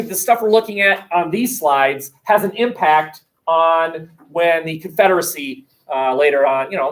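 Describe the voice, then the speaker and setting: Guy teaching history class, bouncy voice, asks the kids stuff, far off echoey room mic. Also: sits high. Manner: animated, thinking aloud, asks the class questions. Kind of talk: classroom lecture. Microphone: webcam across the room. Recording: roomy classroom picked up from a distance.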